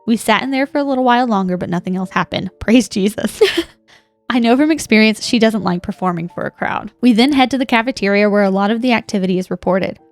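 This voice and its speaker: A woman's voice: mid-range voice, fairly quick, no echo, faint music behind. A young woman co-hosting a podcast, reading a listener's ghost story aloud in a dramatic storytelling manner. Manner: dramatic storytelling, reacts with gasps and laughs. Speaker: podcast co-host.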